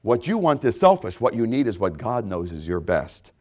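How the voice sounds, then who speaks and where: A man preaching a sermon, swinging between loud, emphatic repetition and low, hushed asides. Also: sing-song, normal speed. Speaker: pastor.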